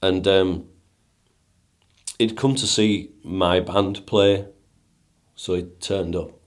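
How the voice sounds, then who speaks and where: A middle-aged man with a Northern English accent speaks in a very low, deep voice. He tells a personal story as a podcast guest, casual and earnest. He often repeats and restarts his words as he goes. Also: fairly even intonation, takes it slowly. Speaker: guest, musician and DJ.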